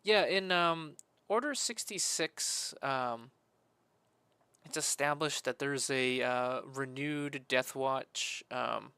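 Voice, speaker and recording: A man talking casually while he builds a game map, rambling with many fillers and breaking into loud, sweary frustration. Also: medium pitch, takes it slowly, smooth, no room sound. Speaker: modding streamer.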